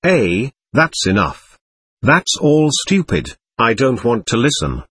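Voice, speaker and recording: A man reading the lines of an imperious, quick-tempered young woman in a scolding, scornful manner. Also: mid-range voice, big pitch swings, fairly bright tone, husky, dry recording, heavily acted.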